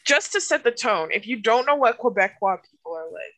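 A young woman from Canada trades giggly, chatty banter as a podcast co-host. Her voice sits a little high, and the studio sound is dry and close. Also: lively intonation, a little fast, fairly bright tone, dry recording. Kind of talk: casual chat.

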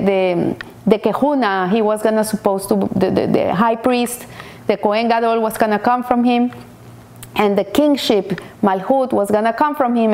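Halting woman giving a weekly Torah talk. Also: a little high, a little mellow. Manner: halting restarts, repeats words while searching. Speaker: Torah teacher.

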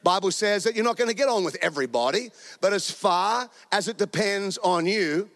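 A middle-aged Australian man with a fairly high voice preaches as a guest. His sermon is animated and humorous, with quick asides tucked into his stories.

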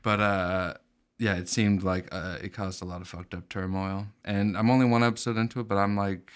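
A man co-hosting a comedy podcast in casual, crude banter. His voice sits low and sounds smooth and resonant. He delivers jokes deadpan. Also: normal speed. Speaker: podcast co-host.

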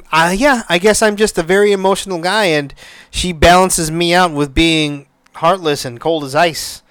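A man's voice: high voice, normal speed, fairly bright tone, clear, resonant tone, dry recording. A man hosting a podcast, chatting casually and emotionally, swearing and restarting his sentences often. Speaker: podcast host. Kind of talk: casual solo chat.

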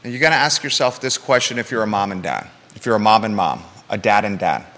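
A man's voice: on the low side, lively intonation, fast, a bit bright, big-room sound. A man hosting a live local talk show, blunt and emphatic, with joking asides.

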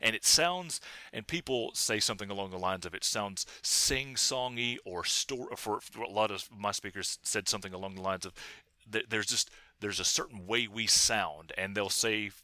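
Male linguist guest, very bright tone, halting delivery, dry close sound. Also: fairly low pitch, no room sound. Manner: halting, many restarts. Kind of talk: casual academic discussion.

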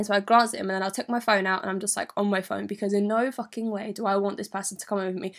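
A young woman from London with a London accent, telling a personal story in a candid, animated, sweary way full of slang. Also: mid-range voice, rapid-fire, few pauses. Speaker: vlogger. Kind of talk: storytime monologue.

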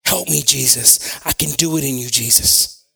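A man preaching a sermon to his congregation, moving between quiet prayer, personal stories told with acted asides, and loud, shouted preaching. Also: medium pitch, normal speed, gravelly, breathy edge. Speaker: pastor.

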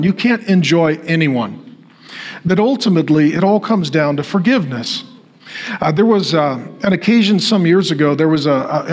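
A man preaching a sermon as pastor, using repetitive rhetorical lines that build to emphatic declarations, and dropping soft and slow on solemn phrases. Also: sits high.

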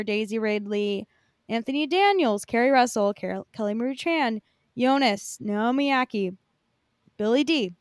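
A woman's voice: fairly high pitch, dry recording, clean studio sound. A woman co-hosting a podcast, recapping news in casual chat with many fillers. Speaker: podcast co-host.

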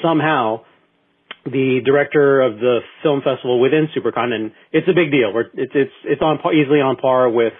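Here a podcast co-host speaks a little fast in a mid-range, slightly rough voice, the sound thin and phone-like as on internet radio. Chatting casually, he spins out a lengthy tale, stumbling through fillers and restarting often.

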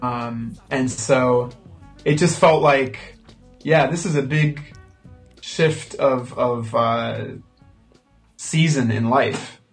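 An American man talks as a guest in an interview, slow to find his words and pausing often. His voice sits at an ordinary middle pitch. Faint music runs underneath. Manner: hesitant, thoughtful, many fillers. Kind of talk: casual interview chat.

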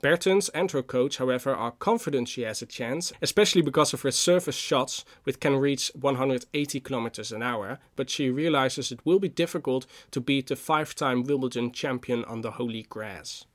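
A man's voice: medium pitch, fairly quick, few pauses. Man reading sports news. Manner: reads sports news, then chats with hesitant fillers. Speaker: news presenter. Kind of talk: radio news reading and banter.

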